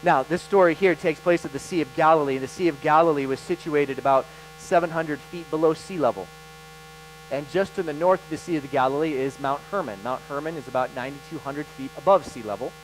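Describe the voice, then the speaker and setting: A man preaching a sermon as pastor, animated and emphatic, with dramatic pauses. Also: fairly high pitch, soft background music, poor audio.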